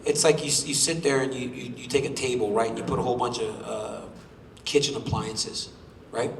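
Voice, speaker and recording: Heard from afar in a spacious hall with a bit of background noise, this man in his thirties has a gravelly, medium-pitched voice with fairly even intonation and a normal pace. He's a champion fighter fielding press-conference questions, bragging, joking, and mocking his rivals.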